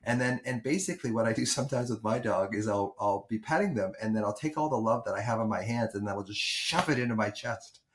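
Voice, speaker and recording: A man's voice: lowish voice, lively intonation, quick pace, few pauses, background noise. Thoughtful man hosting a podcast. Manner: explanatory, thoughtful, with restarts. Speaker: podcast host, doctor. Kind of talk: podcast conversation.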